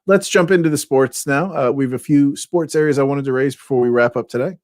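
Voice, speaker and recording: A man's voice: mid-range voice, fairly quick, background noise. A man hosting a casual podcast chat over a remote call, talking hesitantly with many fillers. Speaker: podcast co-host.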